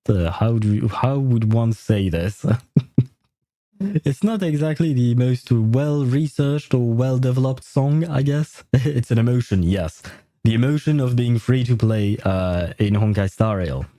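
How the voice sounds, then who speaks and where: A man's voice: medium pitch, animated, unhurried, mellow, dry recording. A man whose first language is French, chatting in a rambling way as a game streamer on a livestream and laughing often. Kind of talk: casual livestream chat.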